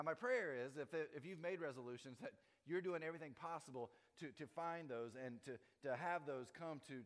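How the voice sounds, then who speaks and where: A man preaching a sermon in a mid-pitched, conversational voice. He tells stories with energy and often repeats a word as he goes. His voice carries a long reverb from the large church hall. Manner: conversational, animated storytelling with frequent repeated words. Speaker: pastor. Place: church auditorium.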